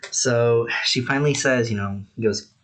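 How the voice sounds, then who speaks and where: A man's voice: mid-range voice, normal speed, fairly bright tone. A man casually reviewing anime episodes, rambling with lots of "like" and "you know".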